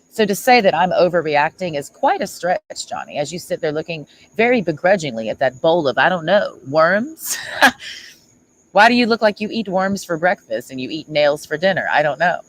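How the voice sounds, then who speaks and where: A woman's voice: sits low, poor audio. A woman streamer ranting at someone in a sarcastic, mocking and confrontational way. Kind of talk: livestream rant.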